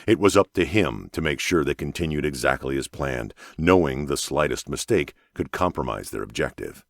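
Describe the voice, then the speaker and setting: A man narrating a thriller audiobook in a measured, even storytelling manner. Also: very deep voice, vocal fry, dry recording. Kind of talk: scripted narration.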